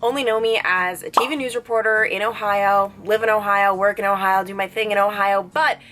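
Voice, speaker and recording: A woman's voice: mid-range voice, fairly even intonation, brisk, a bit bright. A young woman in her twenties from Long Island, talking to a handheld camera in a chatty, bubbly vlog style from her childhood bedroom, often laughing at herself. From Long Island, New York. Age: 20s. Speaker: vlogger and TV news reporter. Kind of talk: casual vlog talk to camera.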